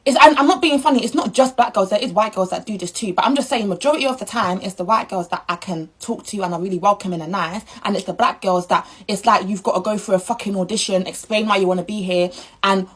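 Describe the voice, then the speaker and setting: A woman's voice: medium pitch, quick pace, few pauses, breathy edge, low-quality recording. A young woman, ranting bluntly and indignantly in a casual vlog. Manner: blunt, indignant, animated storytelling. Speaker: vlogger.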